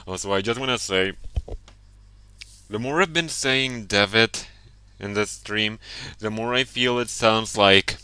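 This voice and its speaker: A man's voice: lowish voice, measured pace, long pauses, sharp tone, clean tone. A man streaming a horror game, musing aloud and reading its text in casual commentary. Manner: muses aloud, laughs at his own jokes. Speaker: let's play streamer.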